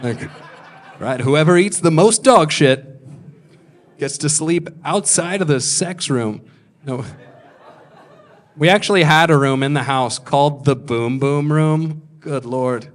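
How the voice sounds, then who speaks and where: Taking his time and pausing often, a comedian in his thirties with a slightly high voice tells stand-up stories. They're crude and self-mocking, with him slipping into other people's voices.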